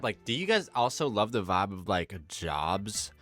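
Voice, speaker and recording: A man's voice: fairly low pitch, very animated, unhurried, a bit bright, faint music behind. Slangy, rambling man recapping an episode. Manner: slangy and profane, rambling with frequent fillers. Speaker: video commentator. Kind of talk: casual episode recap commentary.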